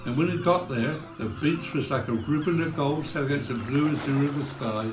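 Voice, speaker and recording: Folksy bloke telling funny village stories, roomy sound, soft guitar. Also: male voice, a little high, brisk. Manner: chatty, folksy. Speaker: storyteller. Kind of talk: comic village storytelling.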